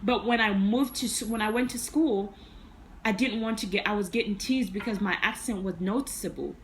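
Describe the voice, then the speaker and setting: A woman's voice: medium pitch, normal speed, a little hiss or hum, rough recording. A young woman from Africa with an African accent tinged with American speech, telling her life story in a rambling, earnest way full of restarts. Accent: African, with American traces. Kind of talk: casual personal storytelling. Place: indoor room at home.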